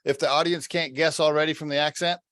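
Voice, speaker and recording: A man's voice: fairly high pitch, steady tone, quick pace, fairly bright tone, no room sound. Chatty guy hosting a podcast, upbeat, super dry close sound. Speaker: podcast host.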